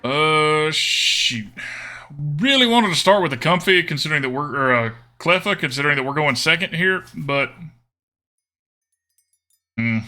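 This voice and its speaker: A man's voice: on the high side, expressive, a little slow, pauses often, bright, forceful tone. A man streaming a card game, chatting casually with his viewers in a jokingly put-on twangy drawl. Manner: chatty, talks to chat viewers.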